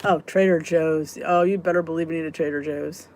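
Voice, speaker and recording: A woman's voice: sits low, fairly even intonation, fairly quick, darkish tone. A woman hosting a casual live weight-loss chat, answering viewer comments in a chatty, giggly way. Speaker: weight-loss vlog host.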